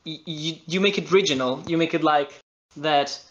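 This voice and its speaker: A man's voice: a little high, moderate pace, fairly bright tone, dull audio. A man from Italy with an Italian accent, whose first language is Italian, chatting as a voice-actor guest in an interview and often restarting as he hunts for words in English. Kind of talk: casual interview chat.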